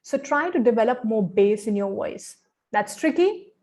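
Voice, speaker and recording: A woman with a slightly high voice gives a training session for pageant contestants. She talks in an instructive, friendly way, often pausing on "um" and checking in with "okay". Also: lively intonation, darkish tone. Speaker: pageant fashion and grooming coach.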